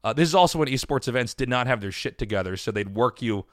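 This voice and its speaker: A man's voice: mid-range voice, lively intonation, fast, no room sound, studio quality. A man telling a long personal story in casual chat, rambling with restarts and swearing.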